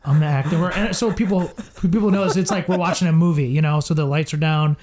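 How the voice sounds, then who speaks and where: Animated young man telling a story. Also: on the high side, quick pace. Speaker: podcast co-host. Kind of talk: casual storytelling chat.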